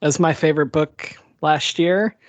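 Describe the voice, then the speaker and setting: A man's voice: a little high, a little slow, dry recording. A man hosting a podcast, chatting in a laid-back, joking way and swearing casually. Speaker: podcast host. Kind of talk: casual conversation.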